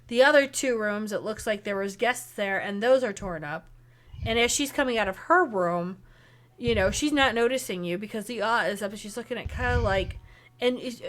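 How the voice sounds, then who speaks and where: A woman's voice: on the high side, fairly bright tone. A woman narrating as game master of an online tabletop game, chatty and loose with fillers. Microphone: headset or desk mic, online stream.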